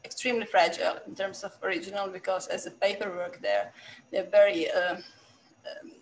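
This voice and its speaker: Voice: mid-range voice, level tone, normal speed, a little hiss or hum, rough recording. A museum curator, moderating a Q&A with long, hesitant questions full of fillers. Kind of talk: asking questions after a lecture.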